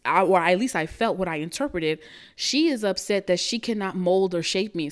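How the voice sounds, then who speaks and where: A young woman in a casual storytelling monologue, blunt and animated. She cusses freely and talks with a mid-range voice. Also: medium pitch, clear, resonant tone. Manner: animated, blunt, cussing, laughs while telling.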